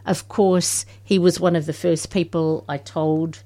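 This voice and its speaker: An Australian woman with a somewhat low voice chats on the radio as a guest. She talks in loose, rambling runs and circles back to finish her thoughts. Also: fairly even intonation, unhurried, dark tone. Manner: chatty, rambling. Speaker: guest, local campaigner. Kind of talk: casual radio chat.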